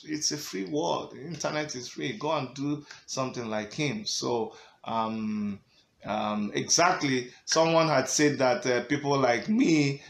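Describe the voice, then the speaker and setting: A man's voice: mid-range voice, measured pace, creaky, slight background noise. Middle-aged Nigerian man, mid-range voice, emphatic vlog rant, Pidgin-English mix, echoey room. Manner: emphatic, switches between Pidgin and English, chuckles often. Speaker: political party member.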